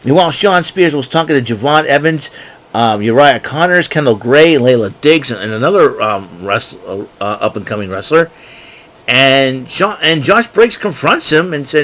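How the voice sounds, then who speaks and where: A man's voice: medium pitch, expressive, normal speed, fairly bright tone, poor audio. A man giving a casual, rambling recap as host, with many fillers and restarts. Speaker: wrestling show recap host.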